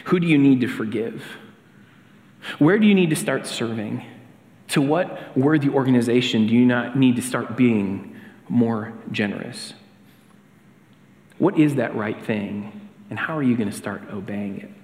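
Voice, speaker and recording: A pastor in his thirties speaks from the front of a church. He talks in a relaxed, conversational way, with plenty of fillers and restarts. His voice sits at a middle pitch and rings around a reverberant hall. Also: a little slow, pauses often. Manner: casual, chatty, with fillers and restarts. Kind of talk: sermon with a personal story. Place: church sanctuary. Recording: echoey hall with long reverb.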